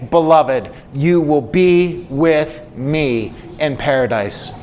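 A man delivers an earnest sermon as pastor, stacking repeated phrases and rhetorical questions for emphasis. His voice sits a little higher than most men's. A faint hiss of background noise sits under the recording. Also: lively intonation, takes it slowly.

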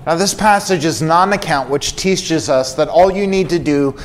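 A man's voice: on the high side, moderate pace, slight background noise. A male pastor preaching an earnest sermon, building emphasis through repeated phrases and rhetorical questions.

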